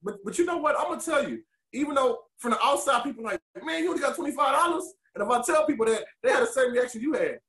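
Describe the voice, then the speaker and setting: A man from Detroit shares candid stories about his past as a wrestler. He speaks in a high register, animated and openly emotional. His voice bounces around a roomy, echoing space. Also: quick pace, hardly any pauses. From Detroit, USA. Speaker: podcast co-host and former pro wrestler. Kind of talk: candid storytelling interview.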